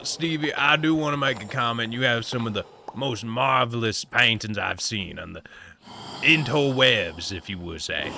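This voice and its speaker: A man's voice: medium pitch, creaky, pushed and bright. A man from Ohio chatting on a live game stream in a put-on Southern cowboy drawl, folksy and polite, his voice a bit scratchy. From Ohio, USA. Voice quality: slightly scratchy voice. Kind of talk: live gaming stream chat in cowboy role-play.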